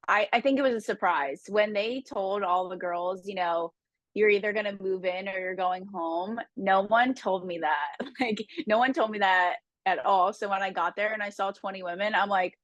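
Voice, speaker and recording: A woman's voice: medium pitch, a little slow, a bit bright, no echo. A young woman from New Jersey, a guest chatting candidly in an interview, laughing often and filling her speech with "like". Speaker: guest, dating show contestant. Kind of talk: casual interview chat.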